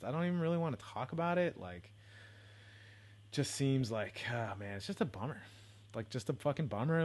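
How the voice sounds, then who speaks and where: A young man hosting a solo podcast from home, rambling and swearing in a casual, self-deprecating rant. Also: lowish voice. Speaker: podcast host.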